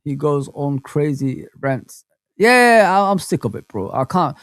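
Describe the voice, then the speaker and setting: Male streamer, a touch higher pitched than most men, animated and rambling, close dry mic. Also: unhurried, dry recording. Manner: animated, rambling, heavy on slang fillers like bro and man. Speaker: host of a live football fan chat. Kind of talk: casual live-stream chat, reading comments aloud.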